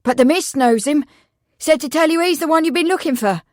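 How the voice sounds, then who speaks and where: A woman voicing a thin, freckled young boy who is out of breath and urgent as he shouts for the constable. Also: high voice, a little fast, no echo, studio quality, voice pushed up, lightly acted. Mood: excited.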